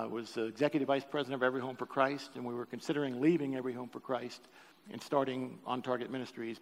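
A man's voice: medium pitch, gravelly. An older man preaching a sermon, telling a personal story with emotion and joking with the congregation. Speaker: pastor. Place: church sanctuary. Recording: reverberant church hall.

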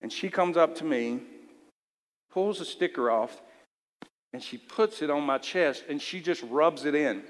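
A man's voice: a little high, unhurried, long pauses. A man giving a sermon, telling a personal story in a candid, earnest way. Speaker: youth leader preaching. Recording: long hall reverb.

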